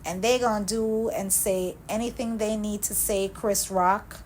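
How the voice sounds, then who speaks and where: A woman's voice: medium pitch, fairly even intonation, measured pace, a little mellow, slight background noise, poor audio. A woman hosting a reaction vlog, ranting with angry, impassioned conviction and hammering her points through repetition. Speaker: commentary channel host.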